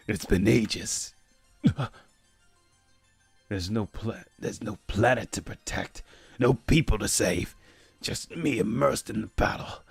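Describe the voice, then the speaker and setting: A man's voice: on the low side, creaky, husky, dry recording, full character voice. A man voicing a proud, arrogant adult warrior prince in a haughty old-dub style, reading comic dialogue aloud. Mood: exultant. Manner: haughty, clipped old-dub villain delivery.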